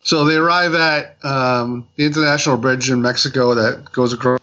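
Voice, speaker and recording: A man on a casual podcast, retelling a comic's story with lots of ums, restarts and quick acted-out quotes. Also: mid-range voice, fairly even intonation, bright, forceful tone, highs cut off. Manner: rambling retelling with many fillers and restarts. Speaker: podcast co-host reviewing comics.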